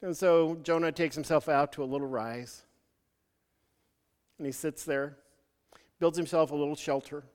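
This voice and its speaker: A man preaching a sermon, telling a story in a halting way with many restarts. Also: on the high side, fairly even intonation, darkish tone, in a large hall.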